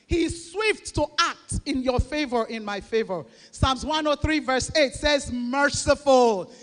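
A woman pastor preaching a sermon, leading the congregation in call-and-response and often rising to shouts. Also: sits high, animated, unhurried. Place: church. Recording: long reverb of a large church hall.

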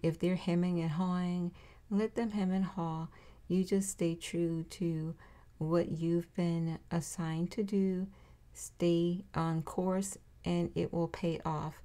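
Slow, mellow-voiced woman tarot reader. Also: lowish voice, level tone. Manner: encouraging, repeats reassurances, addresses viewer directly. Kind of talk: tarot reading to viewers.

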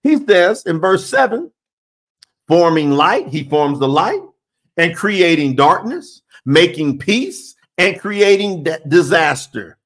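A man's voice: a little high, lively intonation, slow, a bit bright. A man teaching scripture, reading verses aloud and stressing them emphatically with rhetorical questions. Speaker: Bible teacher.

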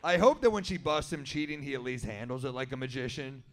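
A man telling a story in stand-up comedy at an indoor venue, with a wry, deadpan delivery. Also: mid-range voice, fast talker.

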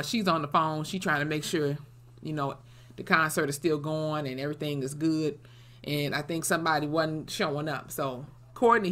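Low-voiced woman recapping a TV episode. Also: fairly bright tone. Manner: blunt, salty, many "you know" fillers. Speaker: TV episode reviewer.

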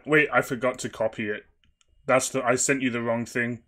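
A man's voice: mid-range voice, fairly even intonation, a little fast, fairly bright tone. A man making a prank call over voice chat, feigning whiny panic and confusion in an overacted way.

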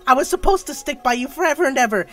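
A man's voice: very high voice, expressive, racing, sharp tone, soft background music, voice pushed up, exaggerated voice. A man voicing a possessive, menacing virtual pet pup in a sing-song voice that swings from sweet to threatening. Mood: clingy, menacing.

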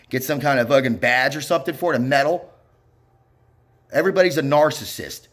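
With a medium pitch and a fairly bright tone, a man goes on a bitter, profane tirade that wanders all over. Frequent muttered asides and repeated "yeps" punctuate his anger.

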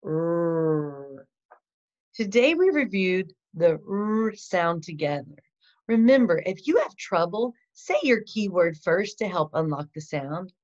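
A woman teaching a phonics lesson to children, patient and encouraging, modeling each sound slowly. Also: mid-range voice, darkish tone. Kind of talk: slow instructional lesson for children. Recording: dull lo-fi sound.

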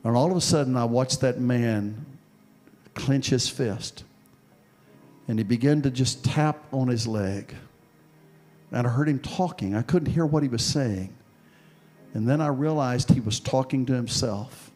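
A man preaching a sermon and telling a story from his own past, dropping soft and low, then building to loud, forceful preaching. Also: a little slow, soft background music. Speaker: pastor. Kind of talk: sermon with personal testimony.

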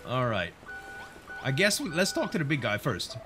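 A man's voice: medium pitch, very animated, moderate pace, long pauses, over music. A young man doing let's play commentary, laughing often at himself between lines. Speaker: gaming video creator.

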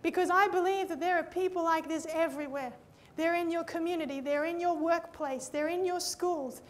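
A woman's voice: very high voice, normal speed, slight background noise. A woman preaching a sermon, telling a story and speaking directly to her listeners as friends. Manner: lively storyteller who acts out both sides of conversations; addresses the audience directly with "friends" and "Amen?".

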